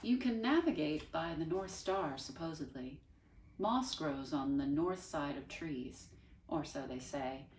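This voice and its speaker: A woman teacher reading a children's novel aloud, expressive with wry, dry asides. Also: low-pitched, unhurried, slight background noise. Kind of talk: storybook read-aloud. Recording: echoey room, voice from far off.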